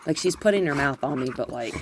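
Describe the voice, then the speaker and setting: A woman dog trainer narrating a live training session, giving gentle, coaxing praise that often drops to a whisper. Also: sits low, lively intonation, fast, background noise.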